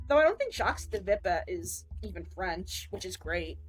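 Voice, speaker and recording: A woman's voice: mid-range voice, slightly rough. Playful, laughing woman streamer. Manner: playful, profane, laughs often. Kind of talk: casual live-stream chat.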